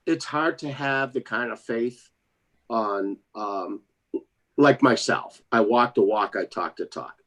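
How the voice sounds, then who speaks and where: A man chatting casually on a livestream, laughing often and jumping up high when he quotes others. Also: fairly bright tone.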